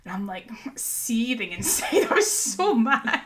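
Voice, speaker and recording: A woman guest on a podcast, telling a story in a casual, animated way and laughing often. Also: on the high side, a little slow.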